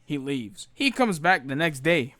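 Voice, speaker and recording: A man's voice: on the high side, very animated, a little slow, bright, forceful tone, dry recording, studio quality. A young man ranting casually about his old retail job, swearing often and restarting his sentences. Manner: profane, ranting, frequent fillers and restarts. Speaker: former retail worker telling stories. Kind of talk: casual storytelling rant.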